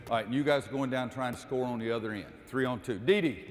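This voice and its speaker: A man's voice: medium pitch, fast talker, noisy background. A man running a basketball coaching clinic, calling out cues during drills and explaining the defense to the audience. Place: gym. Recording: echoey gym with long reverb.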